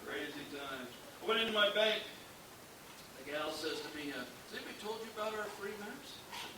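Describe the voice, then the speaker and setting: A middle-aged man does stand-up in a live club, spinning wry stories and slipping into quick silly voices. His voice sits fairly high, and it rings through a very echoey room. He is heard from a distance, with a steady hiss behind him. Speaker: stand-up comedian. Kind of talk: stand-up comedy routine.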